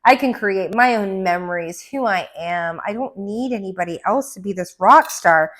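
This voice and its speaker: A woman giving a casual tarot card reading at home, rambling and excitable, with gasps and laughs between her thoughts. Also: medium pitch, normal speed. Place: indoor room. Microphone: camera mic.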